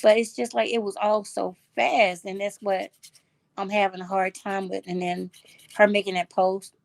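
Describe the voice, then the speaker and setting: A middle-aged woman hosting her channel, grieving and talking haltingly and softly as she searches for words. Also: medium pitch, little pitch movement, gravelly, no room sound. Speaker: channel host. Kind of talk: casual heartfelt chat.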